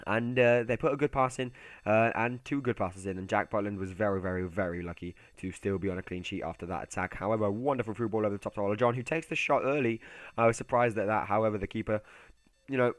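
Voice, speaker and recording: Young man, excitable gameplay commentary. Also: fairly low pitch, fast talker, no room sound. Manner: chatty, excitable, swings to muttered asides. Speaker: gaming YouTuber.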